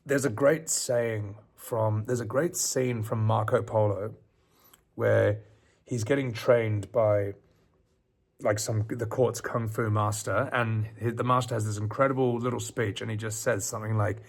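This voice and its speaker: A man reading horror stories on a live stream at night, theatrical and dropping into low whispers, chatting with viewers between passages. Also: steady tone, unhurried, gravelly, husky. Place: outdoors on a porch at night.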